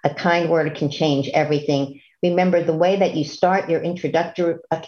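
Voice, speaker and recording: Low, mellow woman lecturing doctors. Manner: earnest, instructive, with occasional fillers and restarts. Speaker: physician lecturer. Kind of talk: recorded medical lecture. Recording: dull lo-fi lecture recording.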